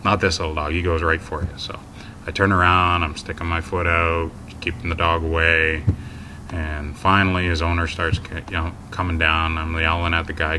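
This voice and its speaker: Male vlogger, very low voice, exasperated rambling storyteller, light hiss in the recording. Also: little pitch movement, moderate pace. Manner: rambling, exasperated, lots of ums and so anyways; gets loud and high when quoting his own yelling. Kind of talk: casual storytelling to camera.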